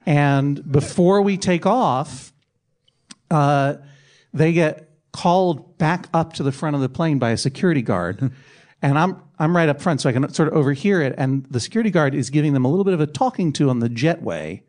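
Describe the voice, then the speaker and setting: A man's voice: on the high side, lively intonation, moderate pace, a little mellow. Man telling a comic self-mocking story. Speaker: podcast guest telling a story. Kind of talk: comic anecdote.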